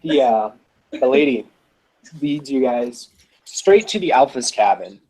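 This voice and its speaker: A man's voice: mid-range voice, animated, unhurried, a little mellow, breathy edge, rough recording. A man narrating a tabletop role-playing game as game master, in a casual manner with frequent fillers.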